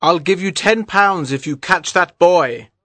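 Man putting on a yelling lawyer, high and urgent, audiobook. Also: unhurried, no echo, clean studio sound. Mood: accusing. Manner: loud, urgent shouting. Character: shouting, accusing male lawyer.

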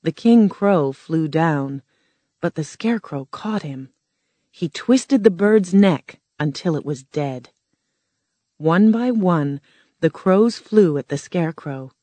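A woman narrating a storybook in a plain, measured reading voice. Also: deep voice, expressive, warm tone, dry recording.

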